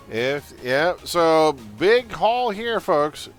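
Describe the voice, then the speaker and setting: A man's voice: a little high, slow pace, few pauses, fairly bright tone, faint music behind. A man hosting a live game stream, chatting casually with viewers and teammates, joking and laughing often.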